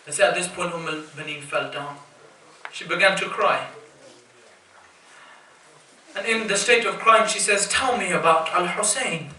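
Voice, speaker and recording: Male reciter from the UK, emotive mourning sermon, high voice, echoey hall, distant mic. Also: fairly even intonation, a little slow, long pauses, pushed and bright, slight background noise. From United Kingdom. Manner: emotive, addresses the crowd as brothers and sisters. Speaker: religious reciter. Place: mosque hall.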